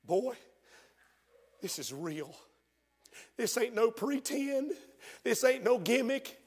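A man preaching a sermon as pastor, moving from hushed storytelling to shouted, fervent praise. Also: very high-pitched, sing-song, slow pace, breathy edge. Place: church sanctuary. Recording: long hall reverb of a church.

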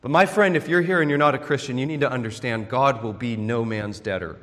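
A man's voice: mid-range voice, a little fast, fairly bright tone. A man preaching an expository sermon in an earnest teaching tone, often checking in with rhetorical questions. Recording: long hall reverb.

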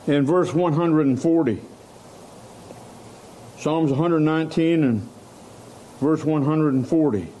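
A man preaching a sermon, slow and emphatic, stressing key words and letting out short laughs. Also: on the high side, warm tone, a little hiss or hum.

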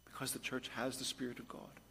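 A man preaching a sermon as pastor, moving between hushed storytelling and emphatic points. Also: mid-range voice, completely flat delivery, fast talker, vocal fry, breathy edge.

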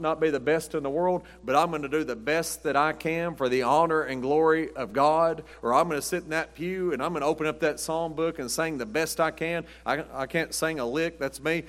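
A man's voice: fairly high pitch, fairly bright tone. A man preaching a sermon in a folksy, conversational way with acted asides, recorded in a church sanctuary. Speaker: pastor. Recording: long hall reverb.

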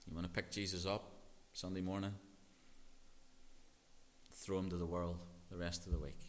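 A man preaching a sermon as pastor, emphatic and repetitive, swinging between hushed and loud. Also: low-pitched, level tone, normal speed, pauses often. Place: church. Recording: long reverb of a church hall.

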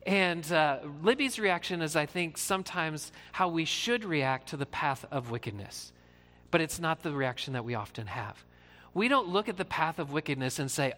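A man's voice: a little high, expressive, normal speed, bright, forceful tone, in a large hall. A man who is a pastor, giving an earnest, conversational sermon with frequent fillers.

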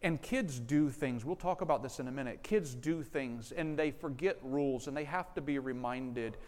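A male pastor preaching a sermon, animated and acting out family members' lines. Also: medium pitch, moderate pace, big-room sound. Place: church sanctuary.

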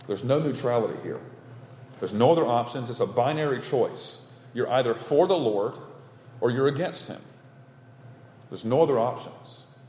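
A man preaching a sermon from the pulpit, stressing his points through steady repetition. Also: medium pitch, moderate pace, pauses often, slight background noise. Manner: emphatic, repetitive preaching cadence. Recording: echoey hall with long reverb.

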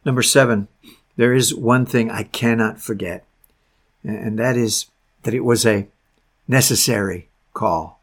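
A man reading an old sermon aloud, preaching earnestly with slow, stretched phrases that sink to a hush at the ends. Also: mid-range voice. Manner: drops to a hushed, soft voice at phrase ends. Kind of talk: read-aloud Victorian sermon.

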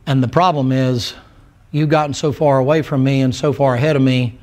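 A man preaching a sermon, telling Bible stories in a folksy, animated way and acting out the characters' words. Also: medium pitch, fairly quick. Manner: folksy, animated storytelling with acted quotes.

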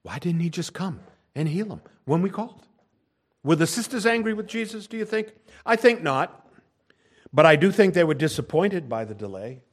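Man, middle-aged, preacher giving a sermon, fairly high voice, dramatic shifts from quiet to loud. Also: very animated, normal speed, slightly rough. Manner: dynamic preaching with wide swings in volume, from near-whispers to loud emphasis.

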